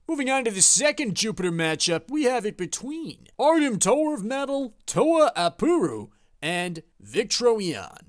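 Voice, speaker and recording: A man's voice: sits high, fairly bright tone. A man hosting an online show, reviewing entries in an enthusiastic, upbeat way. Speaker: host.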